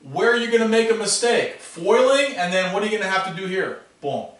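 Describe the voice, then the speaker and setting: A man teaching a classroom math lesson, animated and playful, asking students questions as he works. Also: sits high, brisk. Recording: echoey classroom, voice from far off.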